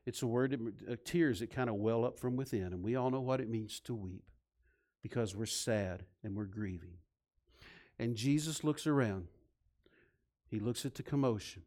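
A man preaching a sermon, swinging from loud, emphatic points to soft, low passages. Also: normal speed. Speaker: pastor.

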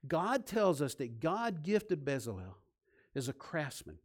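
A man preaching a sermon with a voice a touch higher than most men's. He swings from loud emphatic lines to soft, hushed ones and leads the congregation in call-and-response. Now and then he slips in a self-deprecating aside. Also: very animated, a little slow. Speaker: pastor.

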